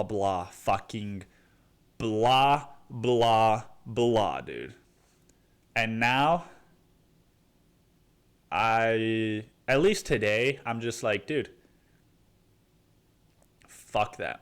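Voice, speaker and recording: Young man, podcast host, casual monologue, swears a lot, keeps saying dude, lively swinging pitch. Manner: rambling, profane, says "dude" constantly; animated, jumps into high mock voices.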